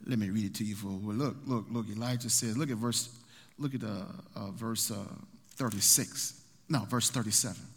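A man's voice: fairly low pitch, fairly even intonation, moderate pace. A man preaching a sermon, retelling a story in a dramatic, folksy way. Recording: long hall reverb.

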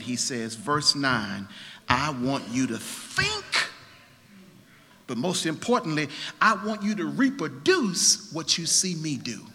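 A man preaching a sermon as pastor, emphatic, swinging between quiet and loud. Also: medium pitch, big-room sound.

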